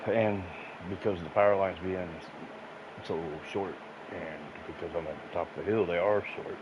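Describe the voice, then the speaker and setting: Sitting low with fairly even intonation, this man's voice moves at a moderate pace. As a gaming streamer, he rattles off crude, meandering stories while playing, laughing in bursts and cursing freely. Expect a muffled, lo-fi recording with a noisy backdrop.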